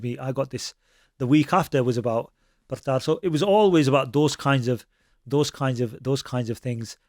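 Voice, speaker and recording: A man's voice: mid-range voice, no echo, clean studio sound. A man, a Sikh preacher telling stories in conversation and mixing Punjabi phrases into his with frequent restarts. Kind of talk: conversational storytelling.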